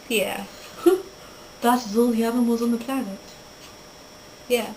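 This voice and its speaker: A woman's voice: fairly high pitch, unhurried, long pauses, distant mic. A young woman doing silly animal noises for a home video, giggling between them. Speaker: vlogger. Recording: noisy home recording.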